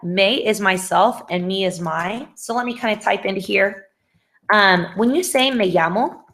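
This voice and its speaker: A young woman teaches a Spanish class over a video call and talks through student questions. Her voice sits at an ordinary middle pitch, and she is patient and friendly. Her speech is full of ums and small restarts, picked up by a computer mic. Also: a bit bright. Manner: frequent "um" fillers, friendly and patient. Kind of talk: online class review session.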